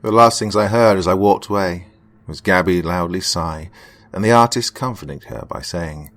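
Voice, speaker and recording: A man narrating a horror story in an expressive, theatrical way. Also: low-pitched, normal speed. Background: faint music.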